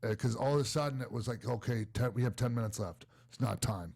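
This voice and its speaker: Male podcast host, casual chat, relaxed, swears casually, middle pitch. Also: fast talker, vocal fry.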